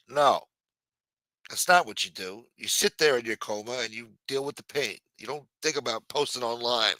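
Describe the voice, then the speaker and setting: A man's voice: mid-range voice, sharp tone, no echo, rough recording. A man hosting a late-night livestream who rants casually and reads news aloud in a profane, blunt and mocking manner. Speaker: livestream host. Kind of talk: casual ranting commentary.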